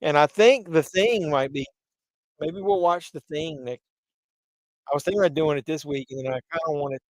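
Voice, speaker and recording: Male livestream host, slightly high-pitched, chatty and meandering, a little congested; dry close sound. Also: normal speed, no echo, poor audio. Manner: rambling, chatty, many fillers. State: congested from pollen. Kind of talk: casual livestream chat.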